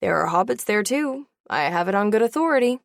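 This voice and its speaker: A man's voice: high-pitched, lively intonation, brisk, vocal fry, dry recording, clean studio sound. A woman voicing a hopeful, playful father trying to coax his teenage daughter along on a trip. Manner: coaxing, playful.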